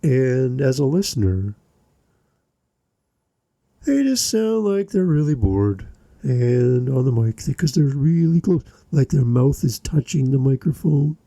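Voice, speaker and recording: A middle-aged man hosting a podcast from his basement, giving energetic, exasperated advice in a monologue. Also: mid-range voice, measured pace, no echo, studio quality. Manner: energetic, exasperated, lively teaching. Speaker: podcast host. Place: home basement. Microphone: studio mic, a bit back from it.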